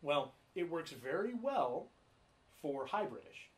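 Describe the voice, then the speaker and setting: A man's voice: on the high side, sing-song, slow. A man co-hosting a podcast, telling rambling stories in casual chat and swearing freely. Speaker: podcast co-host.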